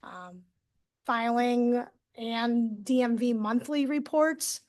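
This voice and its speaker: A woman from police department staff presenting at a city committee meeting in a conversational way, often trailing off quietly. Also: mid-range voice, fairly even intonation, a little slow.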